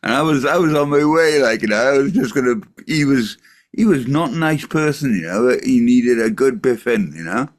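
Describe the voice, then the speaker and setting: An older man, a skateboard maker, chatting with a friend and telling lively stories with plenty of swearing and laughter. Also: mid-range voice, moderate pace. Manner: storytelling, swears freely, laughs often. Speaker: custom skateboard maker, podcast co-host. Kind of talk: casual chat between friends.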